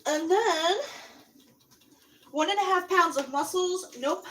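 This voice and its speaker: A woman's voice: extremely high pitch, slow, a bit bright. A woman hosting a casual cooking livestream from her home kitchen, rambling to her viewers as she works and now and then stepping away from the mic. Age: adult, parent. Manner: chatty, rambling, talks to viewers while cooking; moves around, sometimes steps away from the mic. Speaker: cooking channel host.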